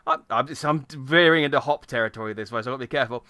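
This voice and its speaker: A man's voice: medium pitch, very fast, pushed and bright, no room sound. A man giving casual, jokey let's-play commentary, rambling with many fillers. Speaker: game streamer.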